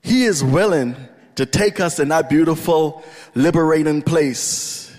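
A man preaching with a high-pitched voice and an unhurried, deliberate pace, leaning hard into each phrase. He is fervent and impassioned, rising from quiet, measured lines to ringing shouts. The voice carries a long reverb, as in a large hall. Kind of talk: sermon.

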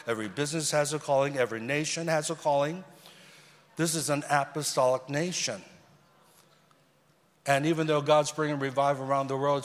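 A man preaching a sermon as a guest speaker, swinging between loud emphasis and quiet asides. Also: medium pitch. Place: church sanctuary. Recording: long reverb of a large hall.

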